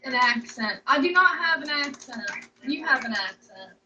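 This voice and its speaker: A woman's voice: high voice, lively intonation, moderate pace, pushed and bright, faint music behind. A young woman chatting casually on a livestream, rambling, joking and swearing freely. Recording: echoey room, distant mic, dull sound.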